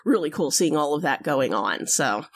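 A woman's voice: deep voice, animated, moderate pace, husky, no room sound. A woman co-hosting a podcast, chatting casually about a TV episode with fillers and frequent laughs. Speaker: podcast co-host. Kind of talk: casual chat recapping a TV episode.

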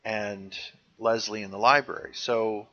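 A man's voice: on the low side, fairly even intonation, unhurried, pushed and bright. A man co-hosting a podcast, chatting casually and joking as he recaps scenes of a show. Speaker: podcast co-host. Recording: dull lo-fi recording.

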